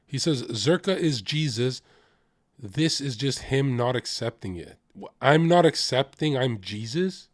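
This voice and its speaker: A young man streaming live, reacting to a podcast with loud jokes, crude swearing and sudden mimicking bursts. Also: unhurried, dry recording, studio quality. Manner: animated, jokey, swears freely and mimics people in sudden high bursts. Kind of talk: livestream reaction commentary.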